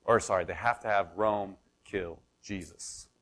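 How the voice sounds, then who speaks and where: A man's voice: a little slow, fairly bright tone. A man preaching a sermon as pastor, telling the story in a conversational way with everyday examples and building intensity. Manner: storytelling, builds to impassioned pitch.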